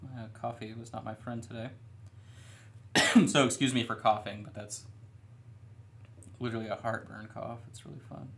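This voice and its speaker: A man's voice: lowish voice, moderate pace. A young man chatting casually and rambling a little while he paints miniatures on a live stream. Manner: relaxed, rambling, self-deprecating. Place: studio room.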